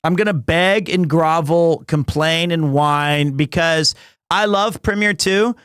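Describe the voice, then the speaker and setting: A man streaming live in casual chat, excitable, often breaking into shouts and laughter. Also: a little high, slow, smooth, dry recording, clean studio sound. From United States.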